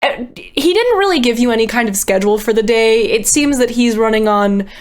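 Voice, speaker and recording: A woman's voice: a little high, expressive, a little fast. A woman narrating scenes as game master of a tabletop game, easygoing and descriptive, with small chuckles.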